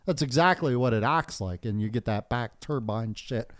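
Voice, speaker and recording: A man's voice: medium pitch, normal speed. Profane, laughing male storyteller. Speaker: podcast host. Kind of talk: casual storytelling chat.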